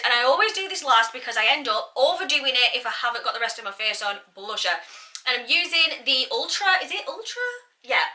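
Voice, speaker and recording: A woman's voice: high-pitched, bright, forceful tone. A woman giving a bubbly, chatty makeup tutorial and talking straight to her viewers. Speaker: beauty vlogger.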